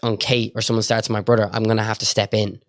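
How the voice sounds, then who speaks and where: A young Irish man chatting as a podcast guest, telling stories in a rapid, rambling way with lots of filler words. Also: fairly low pitch, little pitch movement, no room sound, clean studio sound. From Ireland. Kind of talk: casual storytelling chat.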